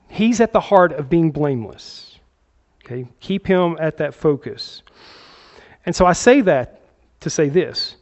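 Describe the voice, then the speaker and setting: Man preaching, slightly high voice. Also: lo-fi sound. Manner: conversational preaching, frequent "okay?" check-ins. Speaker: pastor. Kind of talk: sermon. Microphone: handheld microphone.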